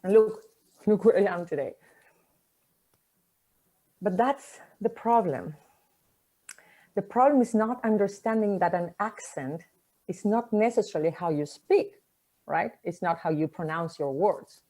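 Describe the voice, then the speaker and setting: A woman's voice: mid-range voice, lively intonation. Reflective woman speaking with a non-native accent. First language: not English. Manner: reflective, with pauses and soft endings; conversational fillers like "like" and "you know". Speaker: speaker giving a talk. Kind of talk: personal talk, storytelling.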